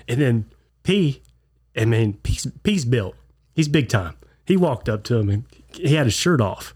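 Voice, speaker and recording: A man's voice: medium pitch, expressive, normal speed, darkish tone, slightly rough. Stuffed-up man telling stories. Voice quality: congested. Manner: storytelling, acts out quotes. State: stuffed up, clogged ear. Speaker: podcast co-host. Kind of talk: casual chat.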